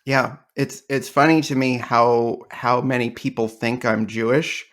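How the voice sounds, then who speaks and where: A man's voice: mid-range voice, fairly even intonation, a little slow, a bit bright. A male comedian and playwright guesting on a podcast, telling rambling stories with a dry, joking manner in casual interview chat.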